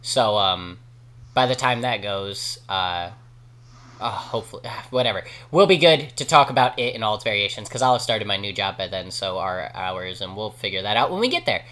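A man's voice: on the low side, expressive, normal speed, bright, forceful tone. A man in a casual podcast chat, giving rambling, opinionated explanations.

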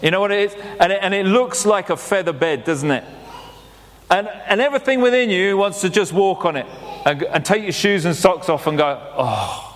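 Male preacher, plain-spoken and repetitive, high-ish voice, reverberant church hall. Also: lively intonation, brisk. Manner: plain-spoken, repeats phrases for emphasis. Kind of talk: sermon.

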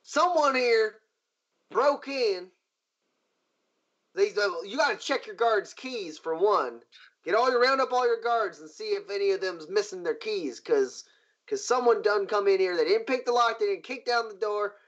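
A man voicing a gruff, blunt frontier woman marshal with a folksy drawl in a tabletop game. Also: high voice, measured pace, fairly bright tone, lo-fi sound, voice pushed up. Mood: urgent. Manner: folksy drawl, rough grammar.

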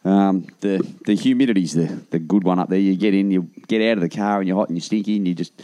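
An Australian man co-hosting a radio show, chiming in with quick jokes and banter. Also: sits low, warm tone. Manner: quick wisecracking interjections. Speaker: radio co-host. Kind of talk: casual radio chat.

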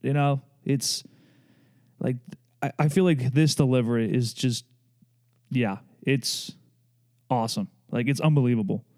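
A young man talks casually as a podcast host. His voice is mellow and dark, and he rambles in a loose, joking way with plenty of fillers. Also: mid-range voice, unhurried, pauses often. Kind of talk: casual chat.

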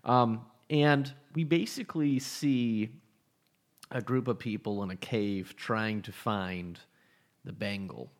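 A man's voice: on the low side, takes it slowly. A man co-hosting a casual podcast, rambling with lots of fillers and casual swearing. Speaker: podcast co-host. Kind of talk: casual chat.

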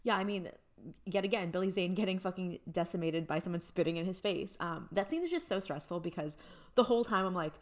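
A young woman co-hosting a casual podcast, her voice sitting on the lower side. She talks with easy enthusiasm and swears freely. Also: expressive, a little fast. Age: young adult. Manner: enthusiastic, profane. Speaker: podcast co-host. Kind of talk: casual chat.

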